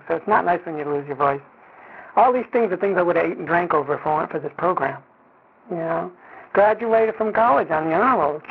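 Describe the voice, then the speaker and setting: A man's voice: high-pitched, husky. A man giving a personal recovery testimony in a conversational way, often saying "you know" and acting out what people said to him. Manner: conversational, often says "you know", acts out quoted dialogue. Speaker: speaker sharing at a recovery meeting. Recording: tinny phone-line sound.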